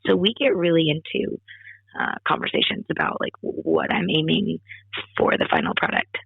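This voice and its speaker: A woman's voice: low-pitched, huge pitch swings, normal speed, gravelly, slightly rough, no room sound. Guest voice: chatty singer-songwriter woman from Wisconsin, storytelling with fillers, tinny phone-like sound. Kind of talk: casual interview chat. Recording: tinny phone-like dry call audio.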